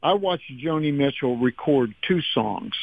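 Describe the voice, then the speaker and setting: An older male musician guest telling animated anecdotes in a radio interview, acting out quotes. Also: mid-range voice, measured pace, gravelly, dry recording, phone-quality sound. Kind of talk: storytelling interview.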